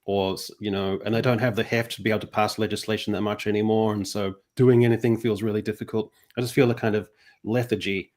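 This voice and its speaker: A man's voice: on the low side, level tone, fast, darkish tone. A man hosting a livestream, chatting casually with a sarcastic, rambling delivery. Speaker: host.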